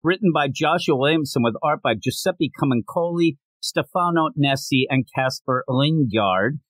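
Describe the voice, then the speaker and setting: A man with a fairly high, slightly breathy voice speaks at a normal speed in a recording with no echo. He's a comic book reviewer and podcast host, hosting his show with casual, jokey commentary full of digressions and chatty asides.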